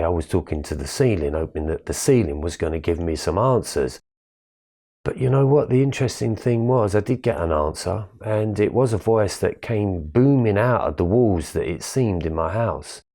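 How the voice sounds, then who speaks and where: Man, candid reflective monologue, mellow tone, slightly low pitch. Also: animated, moderate pace. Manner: candid, earnest storytelling with casual swearing. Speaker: spiritual speaker.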